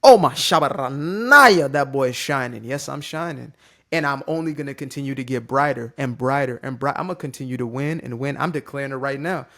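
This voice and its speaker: A man's voice: mid-range voice, fairly even intonation, fast talker, vocal fry, a bit bright. A man giving an unscripted, motivational talk to his camera, joking and swearing casually as a content creator. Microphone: facing a ring light on camera.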